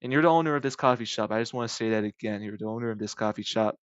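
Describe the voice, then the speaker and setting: A young man rambling casually to his YouTube viewers, jumping into high squeaky voices for the people in his made-up stories. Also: racing, no echo, muffled recording.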